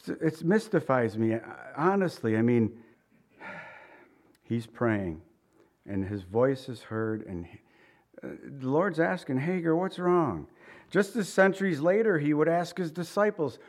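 A man's voice: on the high side, animated, measured pace. A middle-aged man preaching a sermon in a conversational way, asking the listeners rhetorical questions. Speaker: pastor.

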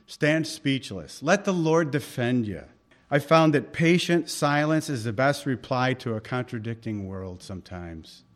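A man preaching a conversational sermon, reading scripture aloud with force and dropping into soft asides. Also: mid-range voice. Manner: animated, swings between loud reading and soft asides.

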